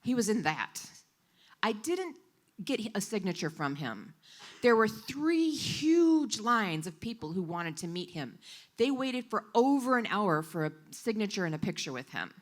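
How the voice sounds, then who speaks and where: A woman gives spoken voice to a storyteller at a live coffee shop event. Her pitch leaps and swoops freely as she retells it with animated expression, at a middling pitch for a woman. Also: a little slow. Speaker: sign language interpreter voicing a storyteller.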